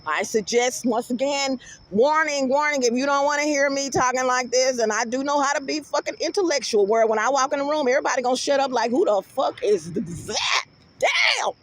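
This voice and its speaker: Brash woman vlogger, AAVE, high-pitched, profane, animated rant delivery. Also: fast talker. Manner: brash, profane, animated, swings into loud outbursts. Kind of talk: casual rant to camera.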